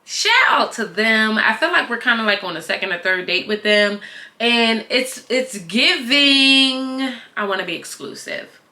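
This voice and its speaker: Bright-voiced playful woman in echoey room. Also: medium pitch, normal speed. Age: adult, not young. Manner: animated, playful and slangy, addressing viewers directly. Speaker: beauty vlogger reviewing wigs. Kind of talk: casual product review chat.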